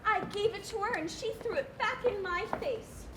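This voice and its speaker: A woman's voice: very high-pitched, normal speed, noisy background. A woman playing a distraught, pestering woman petitioner in a live stage play, whiny and theatrical, recorded on a school stage. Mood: melodramatic. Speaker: stage actor.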